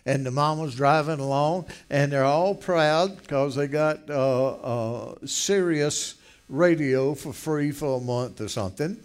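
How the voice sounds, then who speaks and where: Older guy preaching, slow and folksy, does little voices for his stories. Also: on the high side. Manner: folksy storytelling, acting out quoted voices. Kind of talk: sermon.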